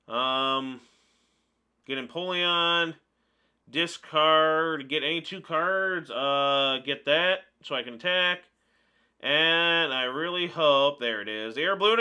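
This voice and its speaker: A man giving live commentary over his own card game match, chatting through each move out loud. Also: fairly high pitch, clean tone. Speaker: card game video creator.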